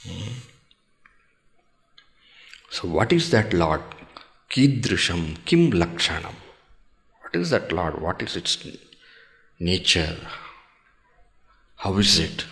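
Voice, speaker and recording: A man giving a scripture discourse, explaining slowly and carefully, reciting Sanskrit verses and posing questions to his listeners. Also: sits low, sing-song, vocal fry, a bit bright. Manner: slow, measured explaining with pauses and rhetorical questions. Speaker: swami teaching scripture.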